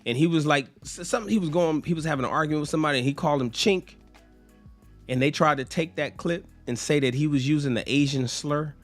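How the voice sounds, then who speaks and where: A fast-talking man with a slightly high voice gives a blunt opinion monologue to camera over soft background music. As a social commentator he is emphatic and swears freely, impersonating quoted people in mocking voices.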